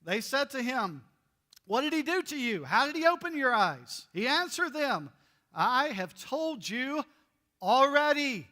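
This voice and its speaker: A man's voice: sits high, sharp tone. A male pastor giving a sermon in a church, conversational and playful, acting out the dialogue as he goes. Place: church sanctuary.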